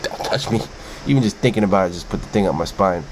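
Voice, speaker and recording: Male reaction host, slightly low voice, loose repetitive banter, faint background hum. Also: lively intonation, racing, darkish tone. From Brooklyn, New York. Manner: chatty, repeats himself, playful. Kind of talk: casual video reaction commentary.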